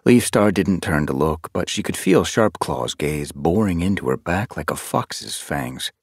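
A man narrating a fantasy audiobook, expressive and reading from a script. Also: deep voice, measured pace, breathy edge, dry recording, studio quality. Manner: expressive, shifting voices for characters.

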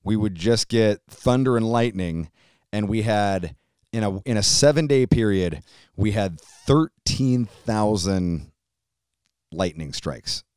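A man hosting a podcast, opening with a loud, hyped, swearing intro and then casual chat. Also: on the low side, slow pace, clean tone, dry recording. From California. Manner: hyped, loud, profane, animated delivery. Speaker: podcast host. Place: home studio, streaming live.

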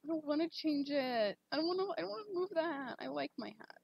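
Giggly high-voiced young woman streamer. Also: animated, fairly quick, creaky, no echo, muffled recording. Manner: giggly, gushing, lots of "like" and "literally". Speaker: game streamer. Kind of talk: casual live-stream chat.

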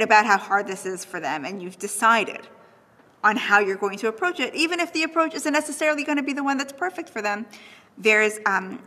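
Bright, breathy woman lecturer, thoughtful. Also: on the high side, big-room sound. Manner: animated, thoughtful, frequent "right?" checks. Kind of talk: online lecture on texts.

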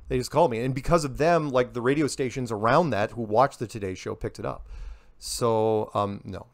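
Animated man answering interview questions. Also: lowish voice, gravelly, dry recording. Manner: animated, talks in rhetorical questions and quips. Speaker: interview guest.

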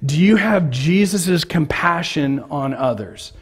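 A man's voice: on the high side, expressive, takes it slowly, slightly rough. A man from California preaching a sermon as pastor, talking conversationally and asking the congregation questions.

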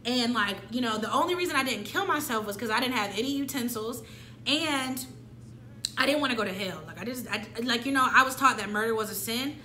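A woman in her twenties telling a candid personal story in an animated, slangy way, acting out her own past lines. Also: a little high, brisk, echoey room, slight background noise. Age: 20s. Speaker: vlogger.

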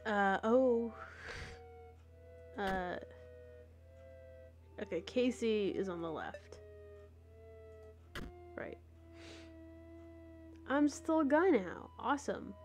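A woman's voice: on the high side, sing-song, drawn-out words, long pauses, a little mellow, soft background music. A young woman live-streaming a game, giggling often, rambling, and reading the game text aloud.

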